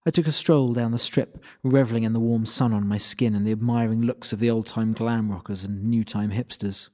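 A man's voice: lowish voice, fairly even intonation, brisk, warm tone. A man narrating a first-person story in a wry, dry, laid-back manner.

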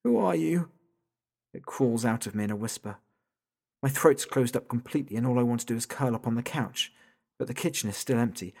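A man's voice: steady tone, quick pace. A man reading a first-person audiobook story as a frightened father, his voice climbing sharply when he asks questions. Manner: tense and rising, pitch jumping up in panic on questions. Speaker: narrator, father of small children.

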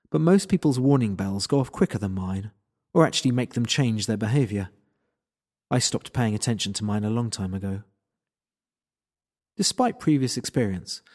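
A man's voice: mid-range voice, darkish tone, breathy edge. A man narrating a first-person story in a wry, self-deprecating way.

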